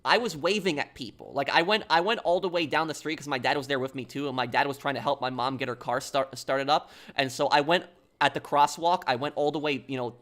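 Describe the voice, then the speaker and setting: A man's voice: medium pitch, brisk, fairly bright tone. A man from New York telling a long story on a stream, rambling and restarting his sentences. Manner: rambling, repeats himself, restarts often.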